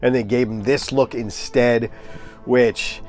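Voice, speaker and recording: A man's voice: mid-range voice, steady tone, slow pace, a little mellow, soft background music. A man giving a casual, opinionated movie review, ranting and scoffing with lots of fillers and restarts.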